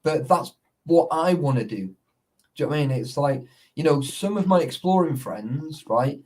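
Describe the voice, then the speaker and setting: Sweary, lively man. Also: a little high, normal speed. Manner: sweary, animated storytelling. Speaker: urban explorer. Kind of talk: casual chat.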